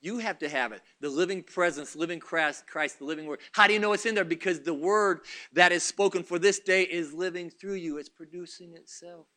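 A man delivers a sermon in a strikingly high voice with a sharp, bright edge. He swings between hushed, murmured stretches and fervent shouted bursts. He drives points home by repeating short phrases again and again. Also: a little fast, hardly any pauses. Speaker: preacher.

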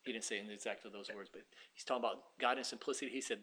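A man preaching a sermon, dropping to quiet asides and rising to loud, impassioned passages, acting out pleading voices in dialogue. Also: fairly even intonation, very fast. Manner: swings from low asides to loud shouted preaching.

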